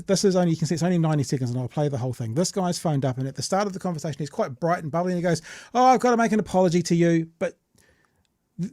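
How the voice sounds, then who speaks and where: A man's voice: on the high side, mellow, dry recording, clean studio sound. A male podcast host with a New Zealand accent, explaining and introducing clips in a conversational way. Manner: conversational, explanatory, quick asides. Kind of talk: political commentary chat.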